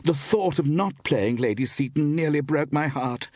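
A man's voice: fairly high pitch, normal speed, darkish tone, no room sound, studio quality, voice pushed up, close to an everyday voice. A man doing a gushing young actress. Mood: effusive. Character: glamorous young actress, effusive and theatrical.

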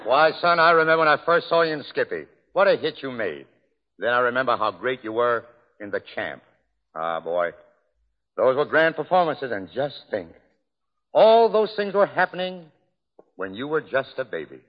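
A man's voice: medium pitch, normal speed. Jovial man on an old radio broadcast. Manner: jovial, joking, expressive. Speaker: radio show host. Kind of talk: 1930s radio variety comedy banter. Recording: dull old radio recording with long hall reverb.

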